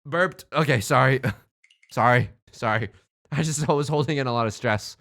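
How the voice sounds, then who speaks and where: A man giving casual live-stream commentary on a game, animated, playful and self-mocking. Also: mid-range voice, moderate pace, gravelly.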